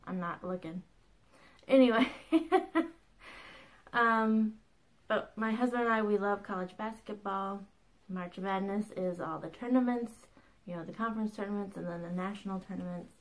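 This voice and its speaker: A woman in her thirties talks to the camera in a relaxed, chatty way, like a craft podcast host catching her viewers up. Her delivery is bubbly and full of small laughs and quick asides, and her pitch sits in an ordinary middle range for a woman. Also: rough recording. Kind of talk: casual chat.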